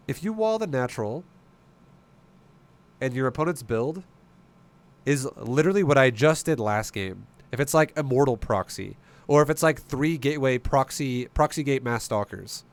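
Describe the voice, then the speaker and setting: Coaching on stream in a strategy game, a man with a mid-range voice speaks bluntly and with emphasis, firing rhetorical questions and swearing without restraint.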